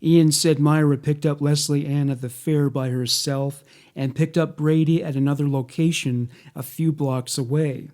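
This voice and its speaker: A man reading a scripted documentary narration in a measured, matter-of-fact way. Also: fairly high pitch, fairly even intonation, darkish tone.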